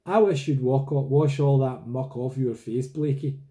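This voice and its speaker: A man's voice: mid-range voice, normal speed, dark tone, lightly acted. Defiant teenage boy, voiced by a man. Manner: heated, threatening. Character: angry, defiant teenage schoolboy.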